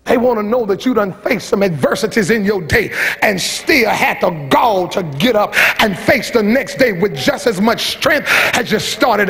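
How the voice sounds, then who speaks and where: A preacher with an unusually high, piercing voice and a rough, gravelly edge. He is a middle-aged man who preaches a folksy, fiery sermon, shouting out his points and then dropping into low, teasing asides. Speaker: pastor. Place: church sanctuary.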